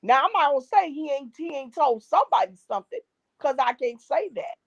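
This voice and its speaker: Brief: middle-aged woman, gospel guest, emphatic preachy testimony, somewhat high voice, dull lo-fi line. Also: expressive, fairly quick. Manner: preachy, emphatic, repeats key phrases. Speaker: gospel singer and drummer, guest. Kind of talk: casual interview, faith testimony. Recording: dull dry lo-fi recording.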